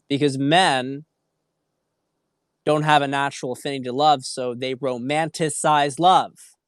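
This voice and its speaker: A man's voice: on the high side, dry recording, studio quality. A man hosting a dating livestream, speaking in an earnest, preachy way with frequent restarts. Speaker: dating coach. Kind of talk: livestream talk.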